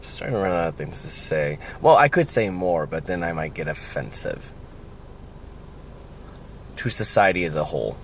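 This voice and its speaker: A man's voice: low voice, animated, moderate pace, pauses often, slight background noise. A young man from the United States ranting casually in a vlog, rambling and sardonic, often trailing off. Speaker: vlogger.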